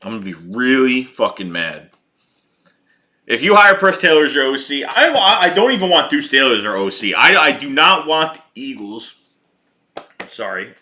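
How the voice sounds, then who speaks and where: Heated male fan host, profane, repetitive, sharp and forceful tone. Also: medium pitch, big pitch swings, moderate pace. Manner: heated, profane, repeats himself. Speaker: sports podcast host reading chat. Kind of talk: casual fan rant.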